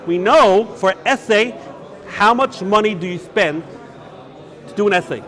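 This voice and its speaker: A man's voice: high voice, normal speed, fairly bright tone. A man, a rabbi, teaching Jewish law in a yeshiva lecture. He asks questions and answers them himself, and he mixes Hebrew and Yiddish terms into his English.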